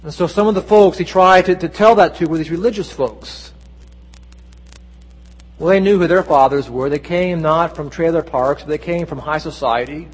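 A man with a high-pitched voice preaches a Sunday sermon as pastor. He tells stories earnestly and acts out quoted lines with feeling. His voice carries a long reverb from the church sanctuary. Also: moderate pace, husky.

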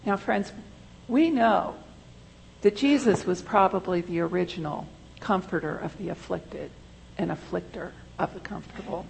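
A woman pastor delivering a sermon in a church, slow and deliberate, with emphatic rises. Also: fairly low pitch, vocal fry, a little mellow, slight background noise, poor audio.

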